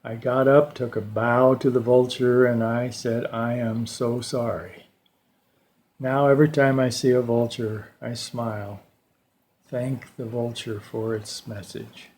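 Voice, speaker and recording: An older man giving a slow, reflective personal talk at a church service, telling stories with pauses. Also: medium pitch, flat delivery, a little mellow. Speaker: church lay speaker.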